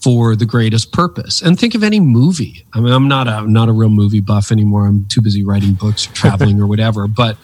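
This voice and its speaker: Animated, earnest man in his fifties. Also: on the low side, fast talker, hardly any pauses. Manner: animated storyteller with lively swings in emphasis; earnest, preacherly. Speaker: guest, author and speaker. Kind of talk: conversational interview.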